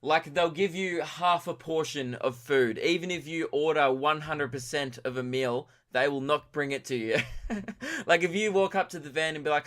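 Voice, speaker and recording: A young man, tired from too little sleep, hosts a solo comedy podcast and rambles from tangent to tangent. He pokes fun at himself as he goes. His voice is sharp and forceful, pitched a little high. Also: normal speed. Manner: rambling, self-deprecating, tangent-prone. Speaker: podcast host.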